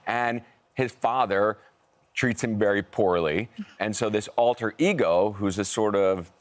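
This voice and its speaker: Low-voiced American actor telling stories. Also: male voice, measured pace. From United States. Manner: rambling, animated anecdotes with laughs. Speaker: actor guest. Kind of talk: conversational interview storytelling.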